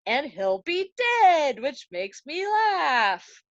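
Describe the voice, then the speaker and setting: A woman voicing a vengeful dead king's ghost in casual slang, with slow dramatic emphasis, on a dry, dull recording. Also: high-pitched, very animated, no room sound, voice pushed up, heavily acted.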